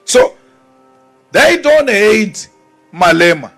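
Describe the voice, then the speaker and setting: A South African politician delivering a rousing, defiant speech to a crowd, repeating phrases for force and mocking timid voices. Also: male voice, sits high, very animated, slow pace, creaky, fairly bright tone, faint music behind.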